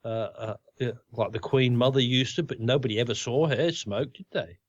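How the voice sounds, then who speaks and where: An Australian man co-hosts a casual podcast talk show, chatting away and laughing into his anecdotes as he tells them. His voice is medium-pitched and moves at a normal speed. The recording is dry with no echo and has a dull, lo-fi sound.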